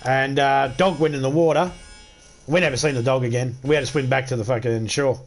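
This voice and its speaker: A man's voice: medium pitch, fairly even intonation, a little fast, faint music behind. A man with an Australian accent hosting a gaming livestream, telling stories in a crude, swearing, joking way. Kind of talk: casual storytelling chat.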